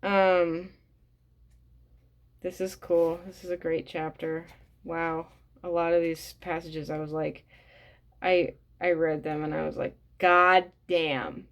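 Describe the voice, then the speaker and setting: A woman's voice: low voice, level tone, slow pace, long pauses, a little mellow. A woman reading a book aloud and commenting bluntly and casually, swearing often with plenty of fillers. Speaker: reader and commentator.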